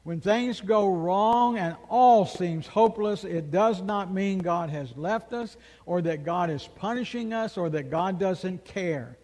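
High-voiced slow preaching pastor. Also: male voice. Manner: emphatic preaching with rhetorical questions. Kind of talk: sermon. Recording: long reverb of a large hall.

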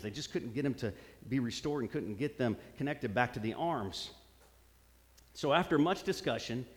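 Pastor guy preaching, earnest, middle pitch, big echoey sanctuary. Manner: earnest, repeats phrases for emphasis. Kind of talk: sermon. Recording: long hall reverb.

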